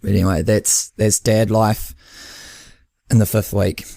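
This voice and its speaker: A man's voice: on the low side, level tone, a little slow, gravelly, dark tone, dry recording, clean studio sound. A man, hosting a casual podcast and telling stories as a running coach, acting out quoted dialogue. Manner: chatty storyteller who acts out quoted dialogue with laughs.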